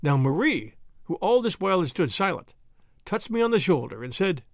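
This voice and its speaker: A man reading a novel aloud as first-person storyteller, in a steady narrating manner. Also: high-pitched, normal speed, dry recording, clean studio sound. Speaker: audiobook narrator.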